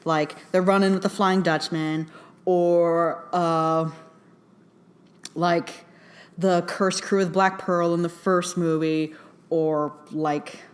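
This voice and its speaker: A woman giving a casual spoken film review, chatty and excitable, laughing often and full of fillers. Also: fairly low pitch, takes it slowly.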